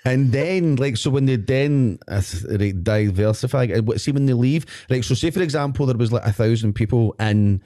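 A man's voice: mid-range voice, normal speed, few pauses, mellow. A Glaswegian man co-hosting a podcast, rambling and swearing playfully in casual chat in a studio. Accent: Glaswegian Scottish. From Scotland. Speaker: podcast co-host.

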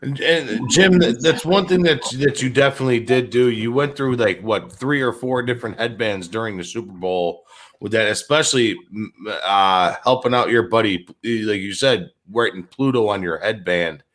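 A man's voice: lowish voice, moderate pace, a bit bright, slight background noise. A man hosting a sports talk show, asking loose, rambling questions in a casual way. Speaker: host. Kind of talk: casual interview.

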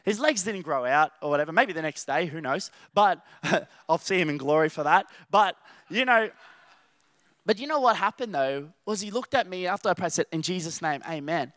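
A young Australian man preaching a casual sermon, rambling and animated, telling stories with laughter and restarts. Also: high-pitched, moderate pace, dry recording, clean studio sound. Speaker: youth preacher.

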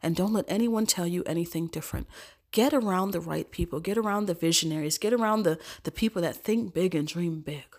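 A woman with a stuffed-up cold, hosting a podcast, speaking an earnest evening prayer and then chatting casually, repeating phrases and sometimes dropping to soft whispers. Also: fairly low pitch, vocal fry, husky. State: congested from a cold. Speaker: podcast host.

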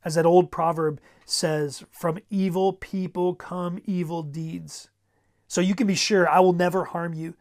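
A man's voice: high-pitched, fairly even intonation, measured pace, darkish tone. A preacher voicing David, a young male warrior who earnestly pleads with his king, read out during a sermon retelling. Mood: pleading.

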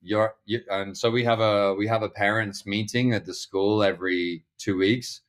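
Lowish and steady at a moderate pace, the middle-aged guest chats loosely in a podcast interview. He wanders through his points with frequent restarts and fillers, slipping into voices when quoting others.

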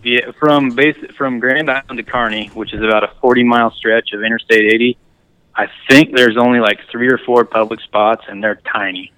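An easygoing man, a guest on a hunting podcast, talks in a plain-spoken way and now and then stumbles into restarts. His voice is smooth and resonant at a middling pitch. The sound is dry and close. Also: fairly even intonation, moderate pace, pushed and bright, no room sound, dull audio. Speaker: podcast guest, duck hunter. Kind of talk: casual interview chat.

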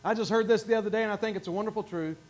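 A preacher with a very high voice for a man. He drops to quiet asides, then climbs into shouted, drawn-out bursts of praise. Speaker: pastor. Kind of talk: sermon.

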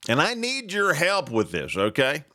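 A man hosting a casual morning radio show, greeting texters, pitching a sponsor and reacting to the news in a rambling, animated way. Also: normal speed, dry recording, clean studio sound. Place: radio studio. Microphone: studio microphone.

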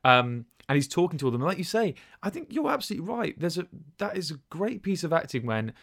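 A man's voice: on the high side, big pitch swings, fast talker, gravelly, a bit bright, dry recording, clean studio sound. A man co-hosting a casual podcast chat, talking in a rambling, enthusiastic way. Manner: rambling, enthusiastic, many restarts and fillers. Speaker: podcast co-host.

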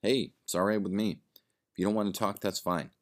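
A man's voice: low voice, steady tone, a little fast, voice pushed up, lightly acted. A man voicing a cynical, sardonic man drinking in a bar, swearing and rambling.

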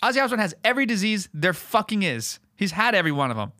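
Animated, crude young man telling stories. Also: high voice, quick pace, no room sound, clean studio sound. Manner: crude, animated, swearing, acting out voices. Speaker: podcast host. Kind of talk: casual storytelling chat.

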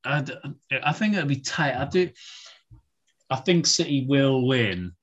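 A man's voice: mid-range voice, lively intonation, measured pace, highs cut off. A man from England chatting about football on a podcast, rambling with lots of fillers and casual swearing.

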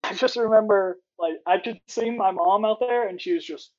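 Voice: mid-range voice, moderate pace, a little mellow. Laid-back podcast host on a dull line. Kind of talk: casual chat.

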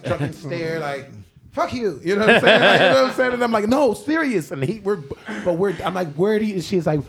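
A young man telling a long story in casual podcast chat, animated and laughing often, acting out what people said. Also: sits high, creaky. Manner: animated, laughing, acts out quoted lines. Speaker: podcast co-host.

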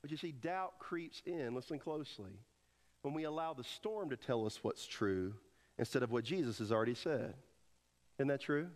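A man's voice: medium pitch, moderate pace, in a large hall. A man preaching a sermon as pastor, driving his points home with emphatic rhetorical questions.

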